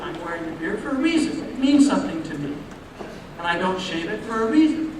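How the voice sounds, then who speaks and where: An American man from the New York area giving a humorous public lecture, talking conversationally with joking asides and rhetorical questions. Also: very high-pitched. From United States, New York area. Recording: very echoey hall, voice from far off, noisy.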